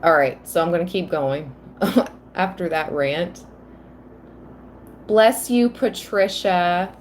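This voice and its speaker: Slow-talking woman reading tarot. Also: on the low side, slight background noise. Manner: slow, earnest and emotional. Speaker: tarot reader.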